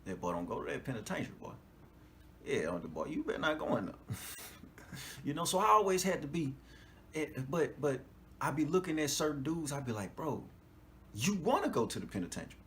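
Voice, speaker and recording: A man with a slightly high voice talks fairly quickly on his podcast, slight background noise behind him. His monologue is casual, animated and profane, with lots of laughter and repeated "you know what I'm talking about" check-ins with listeners.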